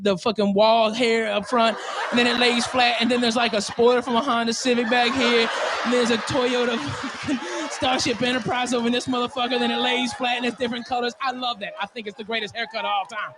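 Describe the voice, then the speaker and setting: A male stand-up comedian telling a story, excitable and profane, often laughing at his own jokes. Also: very high-pitched, brisk, noisy background.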